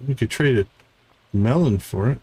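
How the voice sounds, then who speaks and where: A man's voice: mid-range voice, moderate pace, a little mellow, husky, dry recording, poor audio. A man streaming a farming game live, musing casually to himself as he plays. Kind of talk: live gameplay commentary.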